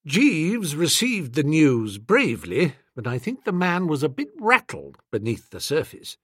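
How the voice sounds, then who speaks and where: A man narrating a comic story as an audiobook, in a brisk, animated storytelling manner. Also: a little high, husky, no echo, studio quality.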